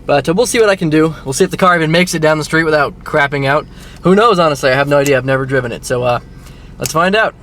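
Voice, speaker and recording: Filming himself casually with a handheld camera, a man grumbles wryly about fixing his car, speaking beside it and later from the driver's seat. His voice sits on the high side and is a bit bright, his pace is fast, and there's slight background noise.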